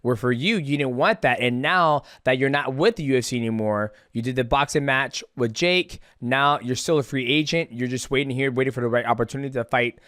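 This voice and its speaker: A man's voice: medium pitch, brisk, few pauses, a bit bright, no room sound, studio quality. A man hosting a podcast, asking a guest questions in a conversational way. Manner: conversational, questioning, laughs along. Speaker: podcast host. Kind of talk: casual interview.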